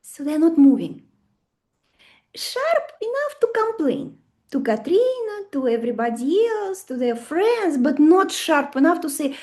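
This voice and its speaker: A woman leads a live astrology lesson, quizzing her class and acting out little stories. Her voice sits high, with a soft, mellow tone. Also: measured pace. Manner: animated, asks the class questions, acts out stories. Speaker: astrology teacher.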